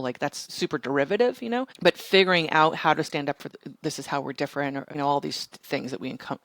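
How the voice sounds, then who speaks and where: A middle-aged woman founder telling stories in an interview, animated and blunt, swearing and acting out other people's lines. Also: low voice, creaky, no echo. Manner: animated, profane, quotes others in raised voice. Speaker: startup founder and CEO, guest. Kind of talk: candid interview storytelling.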